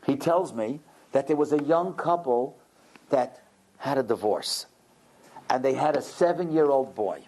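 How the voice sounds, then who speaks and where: A man with a mid-range, darkish voice gives a religious lecture as a rabbi. He's a dramatic storyteller, playing out the characters in the tale he tells.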